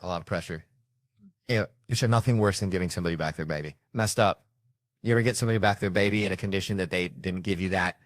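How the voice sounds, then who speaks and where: A man doing stand-up comedy, telling stories in a loose, conversational way with animated asides. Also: sits low, fast, no echo, clean studio sound.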